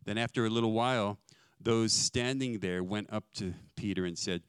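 Man preaching a dry, animated sermon. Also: fairly low pitch, normal speed, clean tone, no room sound. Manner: animated storytelling, acts out quoted speech.

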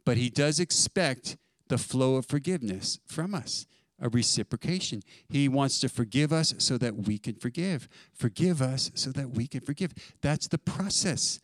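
A man preaching a sermon as pastor, emphatic and building to loud stresses on key words. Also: mid-range voice, animated, normal speed, no echo.

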